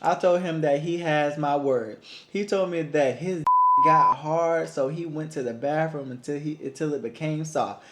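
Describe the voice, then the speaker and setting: A man's voice: on the high side, normal speed, heavy background noise. A man co-hosting a talk show, reading a listener's story aloud with playful asides. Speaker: co-host.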